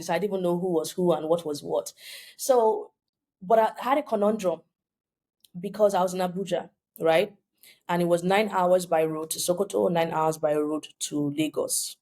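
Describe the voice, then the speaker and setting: A woman's voice: fairly low pitch, steady tone, normal speed, darkish tone. A woman in her thirties with a Nigerian accent, telling her story animatedly as a podcast guest and acting out the voices she quotes. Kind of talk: storytelling in an interview.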